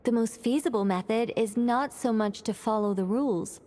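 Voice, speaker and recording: A woman voicing a composed, regal female mage in a game, speaking with an American accent over British tells and crisply over-enunciated R sounds. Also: a little high, normal speed, dark tone, lightly acted. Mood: measured. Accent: British speaker doing an American accent. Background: game music.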